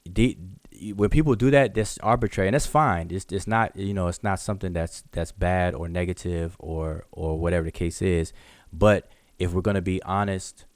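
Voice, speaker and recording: A man's voice: sits low, moderate pace, no echo, studio quality. A man teaching in a live online question session, explaining patiently, repeating and restarting words and sounding out examples. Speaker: hieroglyphics teacher.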